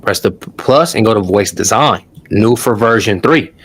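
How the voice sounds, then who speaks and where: A man's voice: fairly low pitch, expressive, moderate pace, a bit bright. A man hosting a casual live-stream tutorial, talking loosely to his audience, swearing now and then and calling them "y'all". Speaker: online course host.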